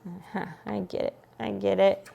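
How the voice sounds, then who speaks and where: A woman's voice: medium pitch, flat delivery, normal speed, creaky, warm tone, slightly rough, lo-fi sound. Woman streamer chatting w/ chat at home, teasing, playful, swears a bit. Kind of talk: casual chat with viewers.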